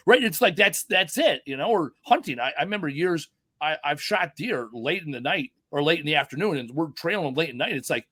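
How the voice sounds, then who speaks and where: A middle-aged man talks fast and swears freely, hosting a casual podcast with rambling stories. His voice sits a bit high for a man. The sound is dry and close, with no room in it. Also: lively intonation, a bit bright, dry recording. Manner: profane, rambling storyteller. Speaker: podcast host.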